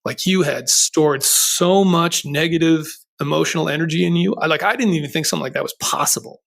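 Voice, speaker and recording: A middle-aged man talks through a personal experience on a podcast, earnest and circling back on himself as he goes. His voice has a gravelly, creaky texture. It also sits a little higher than most men's. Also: fairly quick, a bit bright. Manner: earnest, rambling with restarts and filler. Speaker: podcast host. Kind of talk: conversational interview storytelling.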